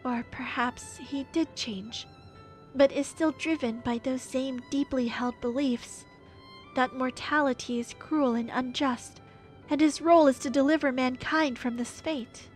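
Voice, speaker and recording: Solemn queen, dignified and measured, high register; a woman reads her live. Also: fairly even intonation, soft background music. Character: grave, dignified young queen recounting the past. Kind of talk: live voice acting of game dialogue.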